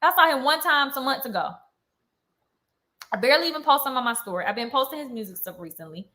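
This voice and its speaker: Young woman vlogger, heated live-stream rant, indignant, bright and rather high voice. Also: lively intonation, fast. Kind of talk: ranting to camera on a live stream.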